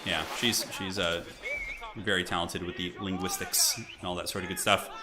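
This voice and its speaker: A young man streaming and chatting excitably as he commentates a multiplayer strategy game, laughing often. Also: low voice, moderate pace.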